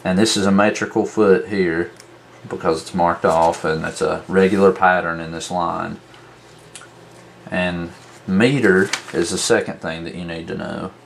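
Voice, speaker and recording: A man teaching a lesson, explaining slowly and methodically, counting out examples as he points to a board. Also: low voice, fairly even intonation, vocal fry, a little hiss or hum. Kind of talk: explaining at a whiteboard.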